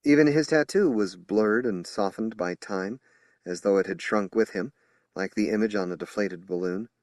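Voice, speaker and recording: Low-voiced man narrating a horror audiobook. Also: darkish tone, no room sound, clean studio sound. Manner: measured storytelling, reading a horror novel. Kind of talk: scripted narration.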